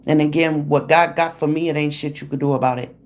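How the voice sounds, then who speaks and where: A woman's voice: low-pitched, steady tone, fast. A woman hosting a true crime livestream in a casual, blunt, slangy way, calling out critics and greeting viewers in the chat by name.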